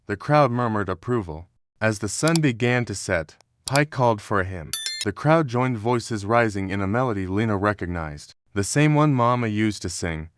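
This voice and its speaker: A man giving a scripted narration of a historical story in a steady, measured way. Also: fairly low pitch, dry recording, clean studio sound. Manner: steady, measured storytelling with quoted dialogue read in the same voice.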